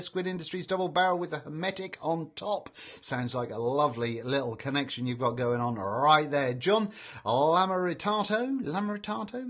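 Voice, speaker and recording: A man's voice: fairly high pitch, fairly bright tone. A man hosting a casual live stream, reading out viewer greetings in a chatty way and stumbling over names. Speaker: livestream host reading chat.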